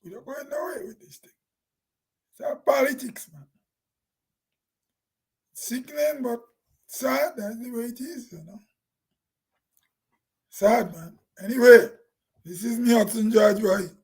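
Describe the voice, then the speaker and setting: A man's voice: very high voice, a little slow, creaky, pauses often, breathy edge, low-quality recording. A Grenadian man talking plainly in a casual, rambling vlog monologue, laughing to himself now and then. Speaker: vlogger.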